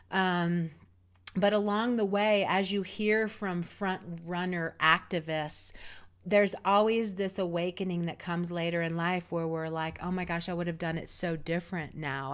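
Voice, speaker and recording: A woman's voice: fairly low pitch, clean tone. A woman giving casual spiritual advice in a reflective, meandering, conversational way. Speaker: spiritual guide.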